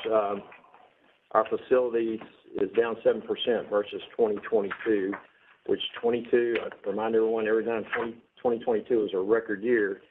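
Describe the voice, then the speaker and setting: A man presenting a business report at a meeting, steady and businesslike. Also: lowish voice, slight background noise. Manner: steady, businesslike, figure-heavy. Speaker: port executive giving a report. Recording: tinny phone-like broadcast audio.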